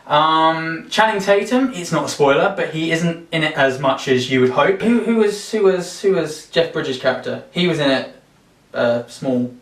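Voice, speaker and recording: A man's voice: fairly high pitch, animated, normal speed. Opinionated man reviewing a film. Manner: opinionated, rambling with restarts. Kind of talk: casual film review chat. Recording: roomy, mic at a distance.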